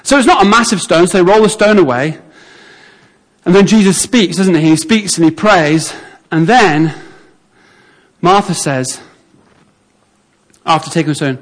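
A man with a notably high voice delivers a sermon. He tells the story vividly and acts out how the onlookers would have reacted. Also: measured pace, long pauses. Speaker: preacher.

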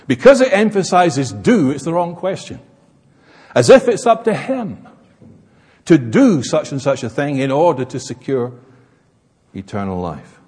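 A male preacher explains scripture with emphatic, animated delivery. His voice is slightly high and breathy and swings widely in pitch. A long reverb from a large hall trails each phrase. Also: measured pace, long pauses. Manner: emphatic, expository. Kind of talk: sermon.

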